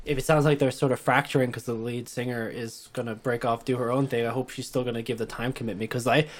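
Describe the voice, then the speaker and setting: A man co-hosting a podcast in casual chat, talking quickly and enthusiastically and sometimes humming melodies. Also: mid-range voice, level tone. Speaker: podcast co-host.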